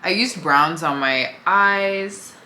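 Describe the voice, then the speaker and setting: A young woman chats her way through a makeup routine in a casual, easygoing way. Her voice sits low but comes across bright and clear. The room around her is echoey, with a faint hum underneath. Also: slow pace. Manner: chatty, talks while applying makeup, easygoing. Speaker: beauty vlogger. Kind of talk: casual makeup tutorial chat.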